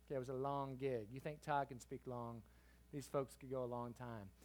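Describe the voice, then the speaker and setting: A middle-aged man preaching to a youth group, telling a story with lively swings between quiet and loud. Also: mid-range voice, moderate pace. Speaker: guest preacher. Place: church youth service.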